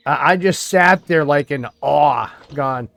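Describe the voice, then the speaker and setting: A man's voice: a little high, slow, vocal fry, fairly bright tone, no echo. Chatty streamer man over faint music. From New York State. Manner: rambling and chatty, thinks aloud, talks to chat. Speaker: gaming streamer. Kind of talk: casual live-stream chat while playing.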